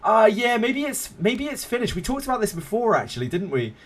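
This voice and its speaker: A man's voice: sits high, very animated, brisk. A man streaming a game live, chatting casually with viewers in a laid-back, self-mocking way and swearing freely.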